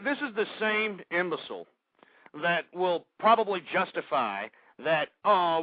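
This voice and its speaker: A high-pitched man hosts a call-in radio show in an abrasive, insulting, swearing rant. The sound is dry and close with no room around it. The audio is dull and lo-fi, like an old internet radio stream. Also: no room sound. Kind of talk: ranting talk radio.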